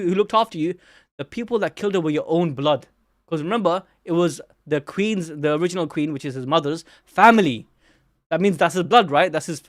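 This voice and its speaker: A young man reacts live to a new manga chapter, excitable and full of slang. His voice sits high and sounds dry and close to the mic. He keeps breaking into loud exclamations as he talks it through. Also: no echo. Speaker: anime channel host.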